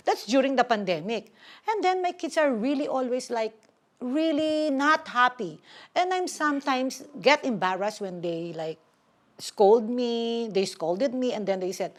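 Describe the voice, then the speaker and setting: An older woman, telling stories in an animated, chatty way as an interview guest. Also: on the high side, normal speed. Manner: chatty, animated storytelling with mixed English and Tagalog. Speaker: guest, vlogger. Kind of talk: casual interview chat.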